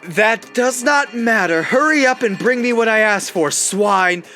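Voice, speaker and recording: A man's voice: high voice, expressive, measured pace, pushed and bright, soft background music, pitched above the performer's own voice, exaggerated voice. A man voicing a prim, haughty young woman gambler from a game, reading her lines aloud in a lofty, fussy way. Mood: imperious.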